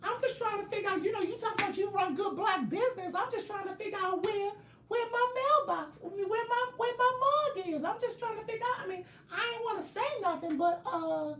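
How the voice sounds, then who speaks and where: A man mocking his fans in a whiny, high-pitched nagging voice, in an echoey room. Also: fairly quick, pushed and bright, recorded from a distance.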